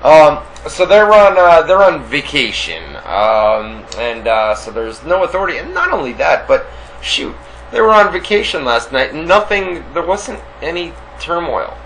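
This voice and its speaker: A man with a New York accent talks on a casual radio show, and his voice is bright and lively. He rambles with plenty of fillers and restarts. Faint noise hums behind him. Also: fairly high pitch, measured pace, rough recording. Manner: rambling, hesitant, lots of fillers. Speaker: co-host. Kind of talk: casual podcast chat. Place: small hot room with air conditioning.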